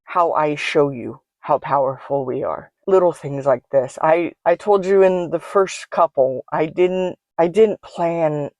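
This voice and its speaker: Candid, halting woman, dry close sound. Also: sits low, dry recording. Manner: halting and candid, with frequent restarts and soft laughs. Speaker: podcast host. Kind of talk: reflective personal monologue. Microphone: own microphone, self-recorded.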